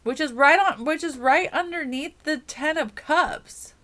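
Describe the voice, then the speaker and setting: A woman's voice: high voice, measured pace, pushed and bright. A woman giving a casual tarot reading, giggling often and rambling as she muses aloud. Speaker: tarot reader.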